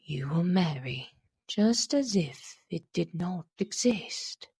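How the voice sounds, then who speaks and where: A woman's voice: animated, creaky, a little mellow, husky, dry recording, full character voice. A woman doing a sinister dying old man. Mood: menacing. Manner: slow, low, menacing.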